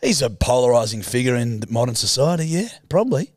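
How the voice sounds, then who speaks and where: A man's voice: mid-range voice, very animated, a little fast, a little mellow, dry recording, clean studio sound. A man hosting a podcast in casual chat, teasing and playful, laughing often. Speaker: podcast host.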